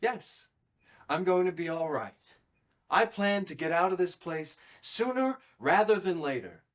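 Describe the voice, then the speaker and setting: A man's voice: sits high, expressive, unhurried. A defiant, troubled young man. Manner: tense, defiant. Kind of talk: horror film acting.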